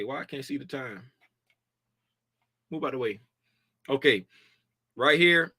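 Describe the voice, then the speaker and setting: A futures trading educator walks casually through the trading charts on his screen, speaking loosely and colloquially and tagging "right?" onto most points. His medium-pitched voice has a sharp tone, though he sounds tired and a little draggy. The recording is dry and cleanly studio-made.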